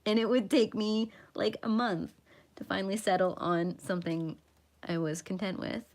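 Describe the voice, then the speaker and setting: A woman's voice: medium pitch, steady tone, moderate pace, a little mellow. Chatty self-mocking woman livestreaming. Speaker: livestream host. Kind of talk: casual coloring livestream chat.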